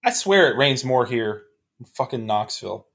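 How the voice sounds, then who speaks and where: A man in casual chat who chimes in with quick reactions and laughs along. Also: mid-range voice, very animated, vocal fry, a bit bright.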